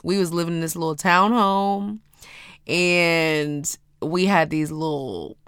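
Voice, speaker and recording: A woman podcast host, telling a personal story in a dramatic, animated way with casual slang. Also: fairly low pitch, slow pace, clear, resonant tone, no echo, clean studio sound.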